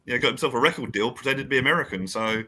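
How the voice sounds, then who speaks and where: Bright-voiced man, laughing talk. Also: medium pitch, very fast, slight background noise. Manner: laughs between words, restarts. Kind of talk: casual chat.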